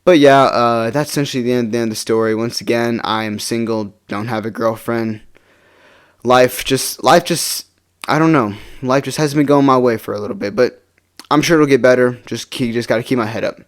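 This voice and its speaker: A man's voice: medium pitch, a little fast, clean tone. Rambling man telling a storytime vlog. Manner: rambling with many restarts, drops to a near-mumble when glum. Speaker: vlogger. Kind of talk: casual storytime monologue. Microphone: face-cam setup.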